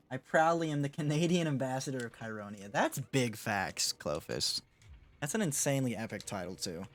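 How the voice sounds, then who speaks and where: Chatty young man streaming a game. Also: mid-range voice. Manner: casual, chatty, reads and answers chat, laughs often. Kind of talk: live-stream gaming chat.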